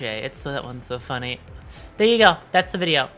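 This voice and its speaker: A man's voice: mid-range voice, expressive, moderate pace, pushed and bright, soft background music. A man streaming live, chatting casually and teasing his viewers, with playful swearing. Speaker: VTuber streamer.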